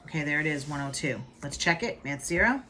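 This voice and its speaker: Her low voice is animated, fairly quick, and sharp in tone as this middle-aged math teacher gives a casual video lesson from home. She talks playfully through each step with hype catchphrases, over a faint hiss or hum.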